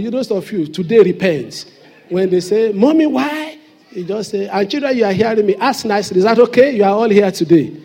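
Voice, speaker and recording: A man's voice: high-pitched, mellow. A man preaching a sermon as pastor in a church, with emphatic call-and-response questions to the congregation.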